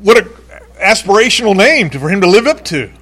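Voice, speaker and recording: A male pastor preaching a sermon in an animated way, acting out quoted voices and laughing now and then. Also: high voice, a little fast.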